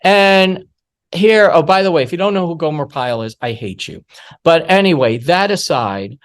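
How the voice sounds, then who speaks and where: Animated middle-aged male lecturer, raised pitch. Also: normal speed. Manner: animated storytelling, acting out quoted voices. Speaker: security awareness lecturer. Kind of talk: workshop masterclass talk.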